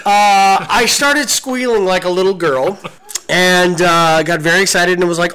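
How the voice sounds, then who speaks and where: A man in his forties co-hosting a podcast, telling a story in an excited, gushing way with many restarts. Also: high-pitched, measured pace, clear, resonant tone, low-quality recording. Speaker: podcast co-host. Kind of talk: casual storytelling chat.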